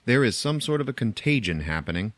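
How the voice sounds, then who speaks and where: A man's voice: medium pitch, big pitch swings, quick pace, dry recording. A man hosting a podcast, recapping a film plot in casual chat, chatty and profane, laughing at his own jokes, on a close microphone.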